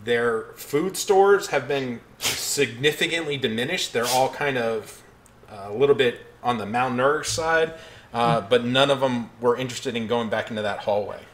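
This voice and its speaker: A man narrating a tabletop game as game master, hesitant with many pauses and restarts. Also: medium pitch, a bit bright, a little hiss or hum.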